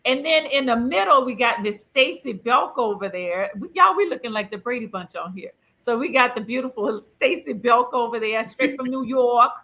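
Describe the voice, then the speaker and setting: A middle-aged woman hosting a podcast over a video call, animated and playful, laughing often and talking in a colloquial way. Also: a little high, normal speed, hardly any pauses, rough recording. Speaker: podcast host. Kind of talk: lively conversational podcast hosting.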